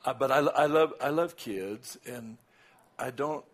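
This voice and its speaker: Speaking in a mid-range voice, an older man from the American South makes casual pre-sermon conversation as a visiting preacher. Laughter punctuates his tangents, and his praise comes out booming and drawn out.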